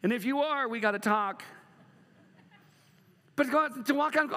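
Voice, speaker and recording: A middle-aged man preaching a sermon as a pastor, moving from loud emphatic bursts to soft, slow passages. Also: extremely high pitch, long reverb tail.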